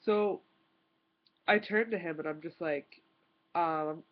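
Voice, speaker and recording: A woman's voice: deep voice, slow pace, dull audio. A young woman vlogger telling a story in an exasperated, rambling way, full of "like" and restarts. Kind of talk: casual storytime rant.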